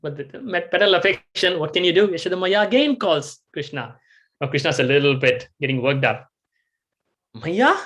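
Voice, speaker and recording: A man giving a devotional storytelling talk, animated and acting out the scenes he tells. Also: on the high side, a little fast. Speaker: devotional speaker.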